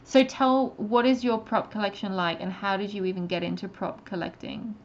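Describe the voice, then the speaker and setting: A woman's voice: mid-range voice, fairly even intonation, moderate pace, muffled recording. A woman interviewing a guest in an enthusiastic, rambling way. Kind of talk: casual interview.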